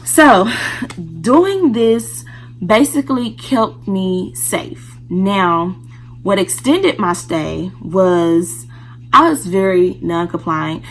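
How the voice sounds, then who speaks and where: A woman's voice: medium pitch, sing-song, drawn-out words, rough recording. A woman vlogger telling a personal story in a candid, casual way, speaking straight to her viewers.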